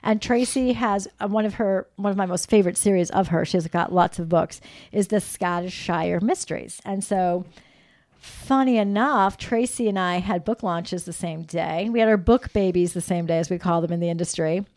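A woman's voice: on the low side, normal speed, a little mellow, no room sound, studio quality. A woman hosting a podcast, chatting casually and bubbly, laughing often and restarting her sentences. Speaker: podcast host. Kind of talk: casual, giggly interview chat.

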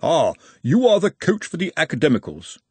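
A man voicing a pompous, haughty older university head acting as referee, speaking in a booming, drawn-out way. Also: wildly swooping pitch, a little mellow, slightly rough, no room sound, exaggerated voice.

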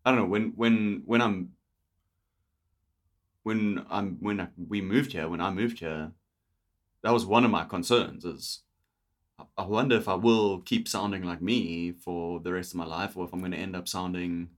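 A man's voice: sits low, steady tone, moderate pace. A young man with a South African accent, hosting a casual podcast chat, talking loosely and laughing often. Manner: chatty, laughs often, restarts sentences. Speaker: podcast host.

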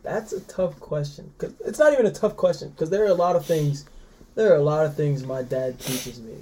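Halting young man, very dark voice. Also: fairly high pitch, slight background noise. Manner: halting, many fillers and restarts, laughs often. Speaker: podcast guest. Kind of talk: casual podcast interview.

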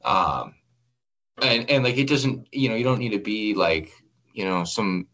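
A man's voice: fairly low pitch, expressive, measured pace, a bit bright, muffled recording. A man being interviewed, speaking casually and plainly with many fillers. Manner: plain-spoken, heavy with fillers. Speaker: interview guest. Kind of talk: casual conversation.

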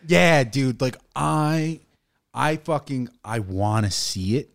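A young man in casual podcast banter, his voice set at an ordinary middle pitch. His intonation swings widely up and down as he leans on his points, peppering them with "dude" and profanity. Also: lively intonation, slow pace, gravelly. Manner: emphatic, profane, says "dude" and "right?" constantly. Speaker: podcast co-host. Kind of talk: casual chat.

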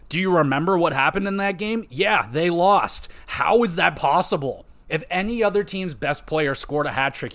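A man hosts a casual sports podcast, venting his frustration in a loose, rambling way. He swears often, restarts his sentences and leans on fillers. His voice sits a little high for a man. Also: a bit bright. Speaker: podcast host. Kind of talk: casual hockey podcast rant.

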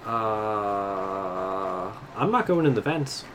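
A man's voice: lowish voice, lively intonation, extremely slow, fairly bright tone, a little hiss or hum. A man playing a tabletop game, joking frantically and swearing. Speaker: player. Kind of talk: in-character banter at a tabletop game.

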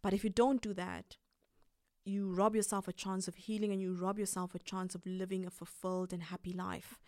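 A woman hosting a casual advice monologue, animated and quick to laugh as she acts out little scenes. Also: medium pitch, no echo, clean studio sound. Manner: animated, acts out quoted reactions, laughs often. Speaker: podcast host.

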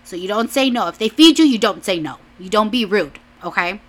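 A woman's voice: medium pitch, lively intonation, brisk, lightly acted. A woman voicing strict middle-aged parents who give their daughter a firm, stern lecture.

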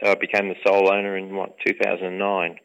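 A middle-aged man with an Australian accent, a football club owner, answering interview questions in a relaxed, rambling way with many fillers. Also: deep voice, fast talker, creaky, lo-fi sound. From England. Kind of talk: conversational interview.

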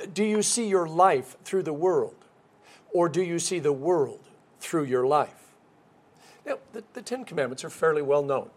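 A man preaching a sermon, telling stories and acting out quoted characters along the way. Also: on the high side. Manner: storytelling, acts out quoted characters. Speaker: pastor.

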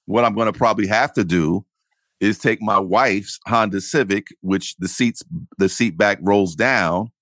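A man's voice: lowish voice, unhurried, fairly bright tone, dry recording. Profane man ranting in dry close audio. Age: 40s. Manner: profane, heated storytelling rant. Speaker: podcast co-host. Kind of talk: casual podcast chat.

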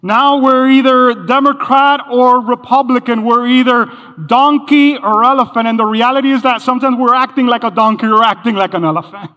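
A man's voice: extremely high pitch, moderate pace, bright, forceful tone. A middle-aged man, a pastor, preaching a sermon in a casual, chatty way, acting out little quoted voices as he goes. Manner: conversational, acts out quoted voices, laughs often. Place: church hall. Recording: long hall reverb.

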